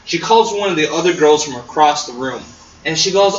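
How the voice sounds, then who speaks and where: Young guy, lively pitch-jumping storyteller, roomy distant mic, crowd noise. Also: a little fast, muffled recording. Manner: laughing, animated, swearing. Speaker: podcast guest. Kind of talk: casual storytelling chat.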